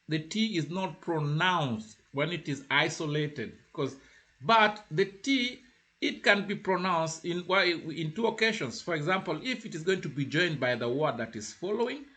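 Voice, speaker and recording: A man gives a beginner French lesson in a slightly higher voice than most men. He speaks haltingly and repeats himself often. He slows right down when he models a phrase for the listener to say back. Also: expressive, fairly bright tone. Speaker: French teacher. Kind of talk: informal spoken lesson.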